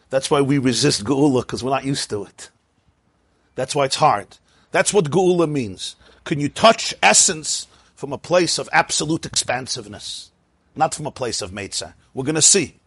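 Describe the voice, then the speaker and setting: A man's voice: mid-range voice, fairly bright tone, slightly rough, no room sound. A man teaching a Chasidic text class, chanting Hebrew passages in a sing-song, then explaining them animatedly in English. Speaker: Torah teacher.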